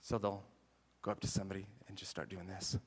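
A man preaching a sermon in a chatty, animated way, mixing jokes and scripture. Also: low voice, rapid-fire, breathy edge, big-room sound. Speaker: pastor.

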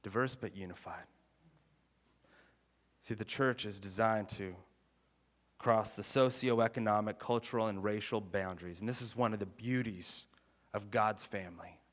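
A man preaching a sermon in a chatty, animated way, mixing jokes and scripture. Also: fairly low pitch, normal speed, long pauses, in a large hall. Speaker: pastor.

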